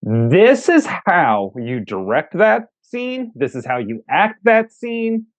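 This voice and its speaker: A man's voice: high voice, very animated, takes it slowly, highs cut off, soft background music. A man co-hosting a movie review, emphatic and enthusiastic as he praises favorite lines. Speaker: co-host of a movie review show. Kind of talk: casual review chat.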